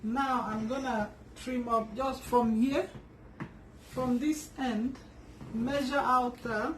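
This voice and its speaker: A woman talks through a sewing tutorial at a slow, patient pace, often stopping to rephrase as she works. She sits back from the microphone in an echoey room with a faint hum in the background. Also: a little high, fairly even intonation, far from the mic. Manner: unhurried, restarts and fillers while working. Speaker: sewing instructor.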